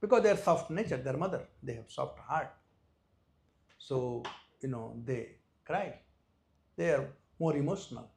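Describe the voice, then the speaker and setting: A man with an Indian accent giving a devotional lecture, telling a story with loud stresses and soft drops and nonstandard English grammar. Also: medium pitch, expressive, unhurried, gravelly, long pauses. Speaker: visiting speaker at a temple.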